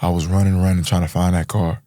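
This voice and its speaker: A man's voice: sits low, level tone, fast, warm tone, no echo, studio quality. A young man guest on a podcast, telling an emotional story in street slang, saying bro and man a lot.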